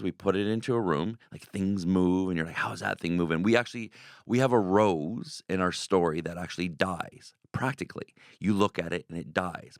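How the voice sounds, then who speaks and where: A man's voice: deep voice, no room sound, studio quality. A man, a haunted house owner telling stories in an interview and acting out the voices of the people in them. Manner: excitable, acts out quoted voices. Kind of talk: animated radio interview storytelling.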